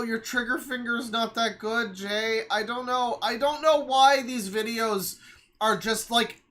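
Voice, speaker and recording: Bright-voiced man ranting in exasperation. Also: very high-pitched. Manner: sarcastic. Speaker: streamer. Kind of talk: live stream reaction commentary.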